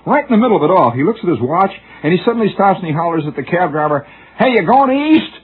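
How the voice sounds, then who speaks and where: A man's voice: fairly high pitch, lively intonation, very fast, husky. A man telling a rambling, musing story as a radio monologue, with frequent restarts, recorded on a tinny old radio broadcast. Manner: discursive, musing, restarts often.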